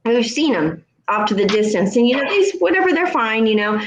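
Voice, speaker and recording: A woman's voice: on the high side, a little fast, muffled recording, slight background noise. A woman telling a story in a casual chat, acting out the other voices as she goes. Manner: animated, acts out other voices in her stories. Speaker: co-host. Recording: echoey room.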